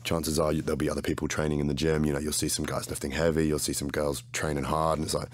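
A raspy, hoarse English man chats as a podcast guest. His voice sits very low and he talks quickly in a relaxed way. The sound is dry and close. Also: no echo. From England. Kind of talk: casual chat.

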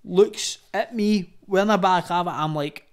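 A man's voice: sits high, moderate pace, clean tone. A young Glaswegian man, a former boxer, telling a story in casual, sweary chat, laughing as he goes. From Scotland. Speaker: podcast guest, former boxer.

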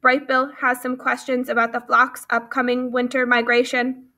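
A woman voicing a gentle female robot mother who speaks in an even, measured, formal way. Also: high voice. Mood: calm.

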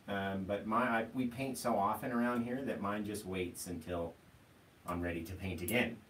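Brief: male painting instructor, chatty and easygoing, room echo, mic set back. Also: fairly low pitch. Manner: relaxed, chatty, keeps asking "right?". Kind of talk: live painting tutorial. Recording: roomy sound, mic at a distance, faint noise.

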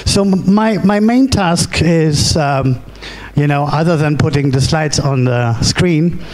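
A man's voice: on the high side, a little mellow. German-accented man giving a keynote. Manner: halting, many fillers and restarts, asks "right?" often. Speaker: keynote speaker. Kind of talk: conference keynote speech. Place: conference hall.

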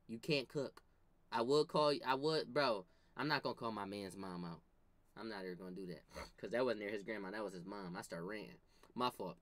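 A young man telling animated, profane comedic stories in a slangy, casual rant to his viewers. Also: medium pitch. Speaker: vlogger.

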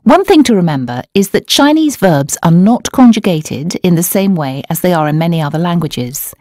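Lively lower-voiced woman teaching. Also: no room sound. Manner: clear, measured explaining of tones. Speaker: language course narrator. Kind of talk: scripted instructional narration. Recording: dry studio voice-over.

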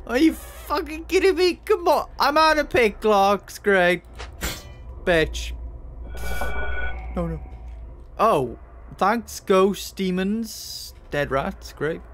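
A gamer commentating a horror game, shrieking and swearing in panic at the scares, then muttering quietly while working out puzzles. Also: medium pitch. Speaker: let's play gamer.

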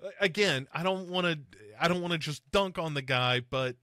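Male podcast host, casual and animated, bright forceful voice, dry close mic. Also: moderate pace, hardly any pauses, dry recording. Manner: animated, swings pitch up to mock and mimic film characters. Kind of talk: casual chat reviewing a film.

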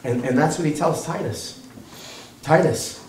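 A male pastor preaching a sermon, animated and quick to act out the voices of other people. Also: fairly high pitch, roomy sound, distant mic, slight background noise, low-quality recording.

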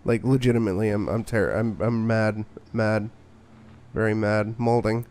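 A man's voice: fairly low pitch, fairly even intonation, normal speed, darkish tone. A man streaming a horror game, giving sarcastic, mock-scared commentary and swearing freely. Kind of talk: live gameplay commentary.

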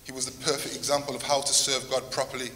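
A man reading a eulogy for the grandfather who raised him, with a steady, even delivery. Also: medium pitch, quick pace. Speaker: grandson giving a tribute. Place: church. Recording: long hall reverb, faint noise.

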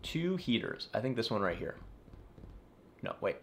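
A man with a lowish voice, big pitch swings and a normal pace hosts a casual live-stream Q&A from his home in the California desert. An aquarium YouTuber, he answers viewer questions in a chatty, rambling way, often correcting himself and apologizing.

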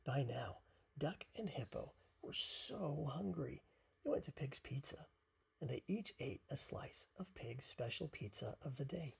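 Parent, bedtime storybook, half-whispered, slow, breathy. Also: mid-range voice, lively intonation. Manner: soft, half-whispered, unhurried. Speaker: parent reading to a child.

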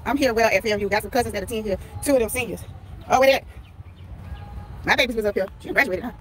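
A woman with a slightly high, fairly bright voice talks quickly while live-streaming a vlog from her phone, walking through a busy outdoor tailgate. She chats playfully with viewers and greets them by name, and the handheld phone picks up plenty of outdoor noise.

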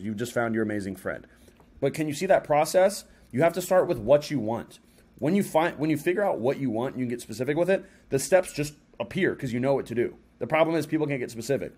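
A young man giving a casual motivational talk, slangy and conversational, acting out his own thoughts in quick quoted asides. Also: medium pitch. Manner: animated, acts out his own inner voice in quotes. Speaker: self-help speaker.

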